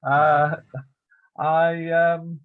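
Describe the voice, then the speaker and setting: An older English man, an author interviewed over a video call, telling stories in a relaxed, reminiscing way with fillers. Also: fairly high pitch, very slow, clean tone. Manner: warm storytelling with fillers, acts out quoted voices. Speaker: author interviewed about his biography. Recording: phone-like lo-fi line.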